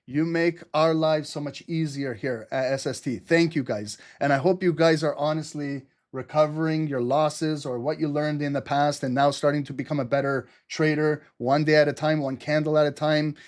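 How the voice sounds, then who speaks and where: A man hosting a live trading stream, talking fast and excitedly, laughing often and swearing casually. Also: on the high side. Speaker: livestream trading host.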